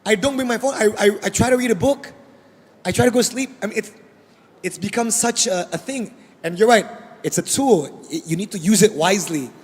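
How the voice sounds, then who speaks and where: A man speaking on a panel, addressing the audience directly in a lively way and often repeating words. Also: high voice, fairly quick, husky. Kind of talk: conversational panel talk. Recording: long reverb of a large event hall.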